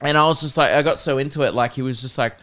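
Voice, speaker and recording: A man's voice: medium pitch, steady tone, quick pace, a bit bright. A young Australian man hosting a podcast, rambling through jokes and swearing freely in casual comedic chat. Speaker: podcast host.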